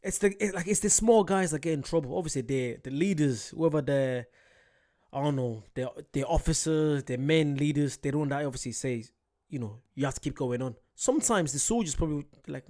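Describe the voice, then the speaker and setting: A British man with a slightly raised voice reacts to a video, musing out loud. He talks casually and hesitantly, often restarting his sentences as he works through his thoughts. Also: on the high side, expressive, fairly quick. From Britain. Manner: thinking aloud, hesitant, many restarts. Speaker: reaction channel host.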